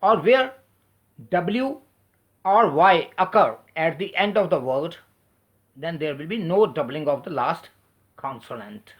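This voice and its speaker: Fairly high-voiced man spelling words out. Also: lively intonation. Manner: spells words out letter by letter, slow deliberate delivery. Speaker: English teacher. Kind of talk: spelling lesson switching between English and Hindi.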